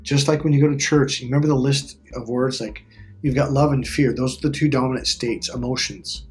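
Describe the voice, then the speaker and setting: A man's voice: mid-range voice, steady tone, a little fast, soft background music. A middle-aged man talking casually as a relationship coach, emphatic and repetitive, swearing freely. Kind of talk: casual talk to camera.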